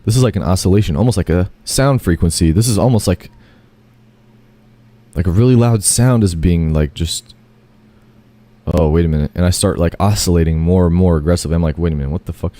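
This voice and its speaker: A man's voice: low-pitched, brisk, dark tone. A man telling a long, rambling first-person story, full of fillers, self-corrections and casual swearing.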